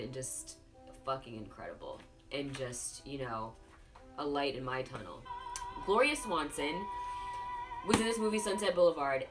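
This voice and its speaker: A woman's voice: low voice, a bit bright. A tipsy woman hosting a casual film review, telling the story in a profane, rambling, gossipy way. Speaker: host. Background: music playing.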